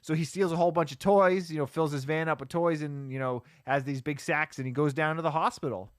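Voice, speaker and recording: A man co-hosting a podcast, casually recapping a movie plot in a rambling, animated way with lots of "like" and restarts. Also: on the high side, a little fast, no room sound, studio quality. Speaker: podcast co-host.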